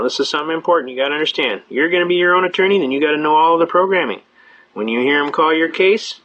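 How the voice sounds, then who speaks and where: A man giving a lecture at a quick pace, telling a folksy story and acting out the dialogue. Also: on the high side, a bit bright. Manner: rapid, folksy, acts out dialogue. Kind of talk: fast-paced lecture with storytelling. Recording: dull lo-fi remastered lecture tape.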